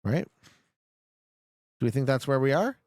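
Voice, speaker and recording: Young male streamer, jokey running commentary, expressive pitch, close and dry. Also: measured pace, no echo. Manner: joking, talks back to his chat. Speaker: streamer playing a geography guessing game. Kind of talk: casual live gameplay commentary.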